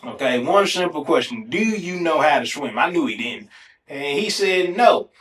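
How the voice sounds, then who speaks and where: A man hosting a podcast alone, telling funny stories in a casual, animated way and swearing freely. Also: fairly high pitch, normal speed. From Ohio, USA. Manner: animated, swears casually, breaks into exaggerated self-mocking. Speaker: podcast host. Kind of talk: casual solo storytelling. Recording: echoey room.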